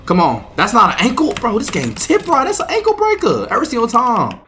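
A young man giving loud, slangy, trash-talking commentary while playing a basketball video game. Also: extremely high pitch, wildly swooping pitch, brisk. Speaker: gaming YouTuber. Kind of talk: gameplay commentary.

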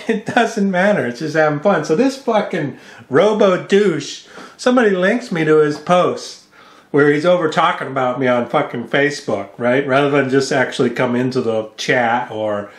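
A fairly high-pitched man speaks at a normal speed in an echoey room, angrily ranting in a profane home vlog. The American vlogger curses and mocks someone as he talks into a studio microphone with a mixing board.

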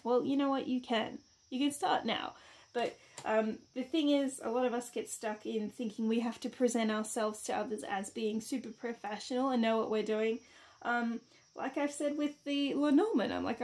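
A woman's voice: fairly high pitch, steady tone, normal speed, darkish tone. A woman giving a casual, reassuring tarot reading to camera, chatty and rambling with many fillers. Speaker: tarot reader.

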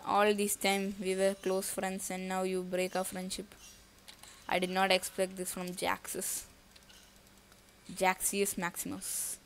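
Slow-talking jumpy woman gamer. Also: mid-range voice, monotone, a little hiss or hum. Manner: jumpy, thinks aloud, nervous outbursts; casual slangy talk to viewers. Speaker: gaming YouTuber. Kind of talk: live gameplay commentary.

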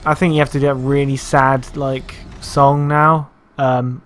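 A man's medium-pitched voice barely moves in pitch as he comments at a measured pace on his video game. His casual remarks are joking, sarcastic, and self-mocking.

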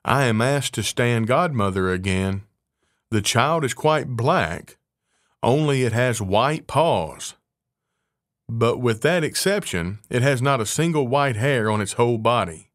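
A man voicing a sly, greedy female cat who coaxes smoothly. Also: mid-range voice, animated, unhurried, fairly bright tone, no echo, studio quality. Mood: coaxing.

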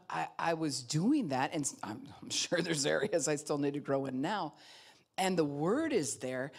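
A woman pastor preaching with a low voice that swings widely and expressively. She keeps her sermon lively, acting out the voices of the people she talks about and laughing often. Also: vocal fry. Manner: animated, acts out quoted voices, laughs often.

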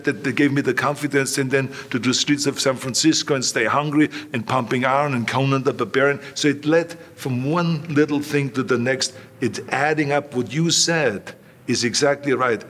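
A man's voice: mid-range voice, a bit bright. Older man, anecdotal, repeats phrases, mid-range voice. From Austria. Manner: anecdotal, repeats himself, acts out quoted voices. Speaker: interview guest. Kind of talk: storytelling in an interview.

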